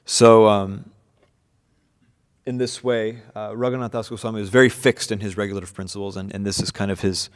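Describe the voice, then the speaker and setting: Casual low-voiced man teaching a class. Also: fairly even intonation, fairly quick, smooth, in a large hall. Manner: casual, many fillers and restarts. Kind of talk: informal scripture class. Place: room with devotees present.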